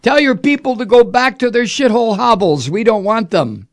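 A man putting on a shrill, ranting blowhard of a president, all sneering bravado and cruelty. The voice soars high and swings wildly, with a gravelly edge. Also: lively intonation, normal speed. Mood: sneering bluster. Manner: sneering, over-the-top bravado. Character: mocking impression of a blustering male president, cruel and boastful.

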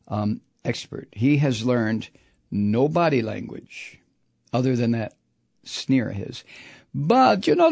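Gravelly, profane man ranting. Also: medium pitch, no echo. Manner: animated, profane, rambling with sudden whoops. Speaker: political commentator. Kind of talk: profane political rant.

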